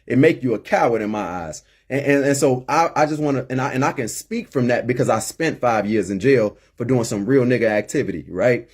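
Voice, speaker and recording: A man's voice: medium pitch, expressive, a little fast, hardly any pauses, husky. A middle-aged man hosting a call-in show, talking emphatically and repeating words as he gets worked up. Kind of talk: impassioned monologue.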